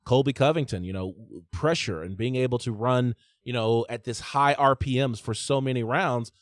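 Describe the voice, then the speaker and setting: A man's voice: mid-range voice, normal speed, dry recording, studio quality. Chatty man hosting a live call-in show. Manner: energetic, chatty, with frequent fillers and restarts. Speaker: host.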